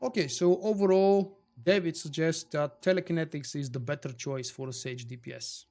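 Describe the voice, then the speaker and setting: A man with a slightly high voice chats casually while he plays a game live. He greets viewers by name and answers their messages easily. He speaks English as a second language. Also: normal speed, a little mellow. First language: not English. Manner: chatty, answers viewers by name, with small fillers. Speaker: livestream gamer reading chat. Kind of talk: casual live-stream chat over gameplay.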